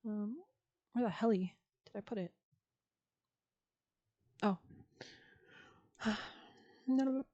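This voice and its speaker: A woman's voice: medium pitch, takes it slowly, long pauses, warm tone, lo-fi sound. A woman giving a casual, chatty tarot reading, full of slang and filler words and breaking into frequent laughs. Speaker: tarot reader.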